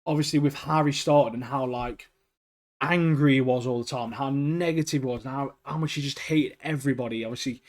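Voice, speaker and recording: A man's voice: medium pitch, a little fast, darkish tone. A man co-hosting a casual podcast. He talks bluntly and gives strong opinions, dropping "mate" at the end of many lines. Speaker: podcast co-host. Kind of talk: casual chat reviewing a TV show.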